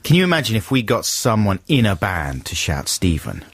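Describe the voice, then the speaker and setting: A man's voice: lowish voice, huge pitch swings, normal speed, husky, no room sound. A man co-hosting a radio show from a studio, explaining things in an easygoing, chatty way. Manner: easygoing, chatty, laughs readily. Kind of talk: casual studio chat. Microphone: studio microphone.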